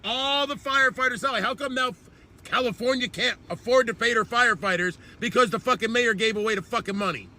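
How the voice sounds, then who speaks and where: A man's voice: extremely high pitch, a little fast, bright, forceful tone. A man hosting an online commentary channel, delivering a heated, profane political rant.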